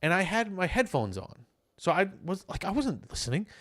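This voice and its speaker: Animated high-voiced New York man. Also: moderate pace, no room sound, clean studio sound. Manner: animated storyteller, acts out quoted lines loudly. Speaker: podcast co-host. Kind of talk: casual chat over beers.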